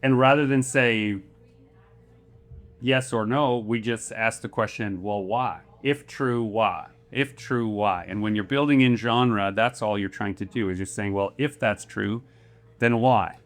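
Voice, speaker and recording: A man's voice: fairly low pitch, measured pace. A man hosting a live convention panel, talking in a musing, story-driven way with rhetorical questions into a panel microphone. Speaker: podcast host moderating a convention panel. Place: convention panel room before an audience.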